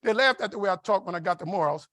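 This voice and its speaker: A man from New Orleans with a New Orleans accent, giving a motivational keynote speech in an animated, rhythmic way with repeated phrases. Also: sits high, rapid-fire, no echo. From New Orleans, USA. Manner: animated, rhythmic and repetitive, with laughs. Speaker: keynote speaker. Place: conference dinner hall.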